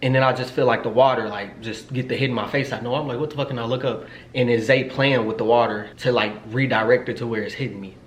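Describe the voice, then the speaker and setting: A young man in his twenties tells a story to his viewers, animated and playful, with plenty of swearing. His voice sits at an ordinary pitch. The room rings noticeably, and a light hiss runs underneath. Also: quick pace, few pauses. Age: 20s. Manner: chatty and animated, swears a lot, jokes and teases. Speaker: vlogger. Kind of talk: casual storytime. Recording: roomy echo, faint noise.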